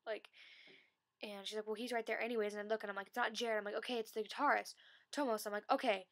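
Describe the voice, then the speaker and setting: Young woman, mid pitch, rambling breathless storyteller, vlog. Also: fairly even intonation, fast talker, a bit bright. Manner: breathless, rambling, many fillers. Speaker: vlogger.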